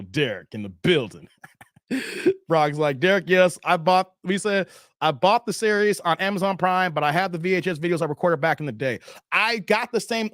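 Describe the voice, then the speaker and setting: A man in his thirties hosting a casual live stream, animated and laughing often, his voice a little strained from long streaming. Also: high-pitched, no echo, clean studio sound. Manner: animated, laughs often, breaks into playful sung bits. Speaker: live stream commentary host. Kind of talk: casual live stream chat reading donations.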